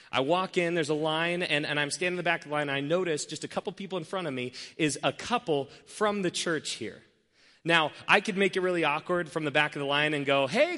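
A young man, a pastor, giving a sermon in a relaxed, conversational storytelling way. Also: fairly high pitch, in a large hall. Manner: conversational storytelling, self-deprecating.

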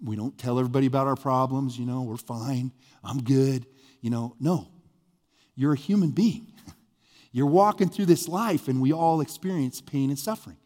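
A man's voice: a little fast, big-room sound. A male pastor, giving a conversational sermon with sudden bursts of emphasis. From US Midwest. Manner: conversational, animated preaching with sudden rises in pitch and volume.

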